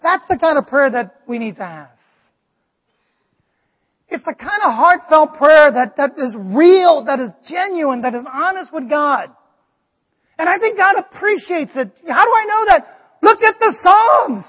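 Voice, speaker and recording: High-voiced male pastor preaching in a hall. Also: measured pace. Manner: animated, preachy, asks the crowd "Amen?". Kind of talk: sermon. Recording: dull, long hall reverb.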